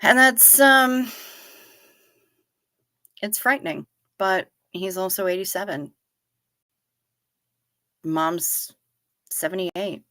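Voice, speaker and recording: Middle-aged woman, livestream host, casual animated storytelling, close dry sound. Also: medium pitch, takes it slowly, long pauses, no room sound. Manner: animated storyteller, talks straight to viewers. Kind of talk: casual chat reading viewer comments.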